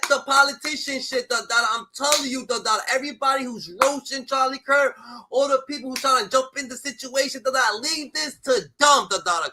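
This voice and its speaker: High bright-voiced young man ranting. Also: a little hiss or hum. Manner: repeats a catchphrase tic constantly, profane, escalates to shouting. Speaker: live streamer. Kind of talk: heated livestream rant.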